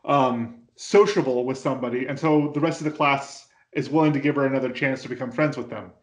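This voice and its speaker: A man's voice: medium pitch, a little fast. A man co-hosting a casual podcast, recapping an anime and often restarting his sentences. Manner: stammering restarts, animated when quoting. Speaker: podcast co-host. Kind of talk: casual anime review chat. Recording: roomy echo.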